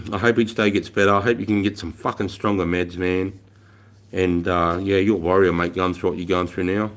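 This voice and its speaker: An Australian man in his forties, chatting casually on a livestream, blunt and rambling, swearing freely, calling everyone mate, and often trailing off quietly. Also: low-pitched, flat delivery, a little fast. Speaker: livestream host.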